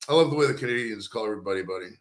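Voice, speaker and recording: A man's voice: lowish voice, animated, racing, roomy sound. A man hosting a casual stoned chat, rambling at length and swearing, calling everyone dude. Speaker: host. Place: studio.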